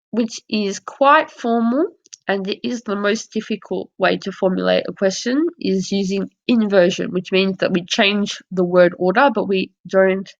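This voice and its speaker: Using slides, a female French teacher patiently explains the material and demonstrates example phrases. Her voice sits in the mid-range with vocal fry, and the recording sounds dull and lo-fi.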